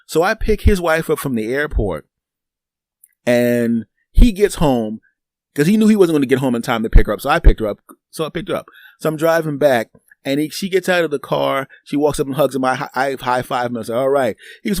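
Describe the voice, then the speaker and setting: A man's voice: medium pitch, animated, brisk, dry recording, studio quality. A middle-aged man hosting a podcast, telling a long story in a loose, rambling way, repeating words and acting out both sides of conversations. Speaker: podcast host. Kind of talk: casual storytelling monologue.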